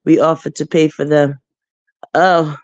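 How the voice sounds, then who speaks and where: A woman's voice: low-pitched, little pitch movement, a little slow, a little mellow, no room sound, highs cut off. A woman hosting a late-night livestream chat, emotional and laughing as she answers her viewers by name. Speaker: livestream host.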